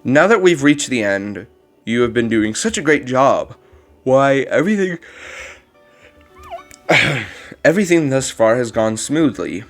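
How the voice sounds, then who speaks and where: A man putting on a gentle old monster caretaker, rambling and formal. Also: mid-range voice, sing-song, measured pace, long pauses, soft background music. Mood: wistful. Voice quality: strained put-on voice. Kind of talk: reading game dialogue aloud.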